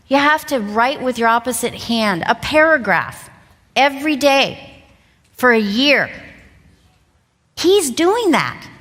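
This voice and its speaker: A woman in her fifties giving a motivational talk on stage, an animated storyteller who laughs often. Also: on the high side, big-room sound. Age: 50s. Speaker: seminar speaker. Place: stage in a large event hall. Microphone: lapel mic.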